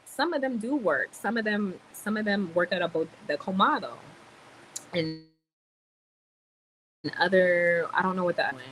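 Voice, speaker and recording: A woman ranting in a casual vlog, blunt and animated, swearing and then apologizing for it. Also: lowish voice, measured pace, long pauses, slight background noise, low-quality recording. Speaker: vlogger. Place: home in the Dominican Republic, quiet ambience.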